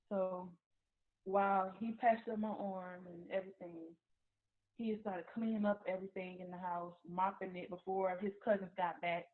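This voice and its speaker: Halting woman's testimony on a tinny line. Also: mid-range voice, flat delivery. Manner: halting retelling with many restarts and repeated words. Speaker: woman sharing a personal testimony. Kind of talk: personal testimony. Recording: tinny phone-like recording.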